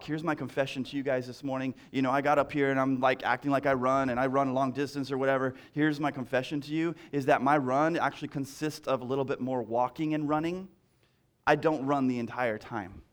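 A man's voice: medium pitch, fairly even intonation, brisk. A male pastor preaching a sermon in a conversational way, repeating key lines and restarting phrases as he talks.

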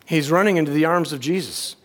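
A middle-aged man preaching a sermon, telling a personal story with halting restarts and dropping to a hush. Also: fairly high pitch.

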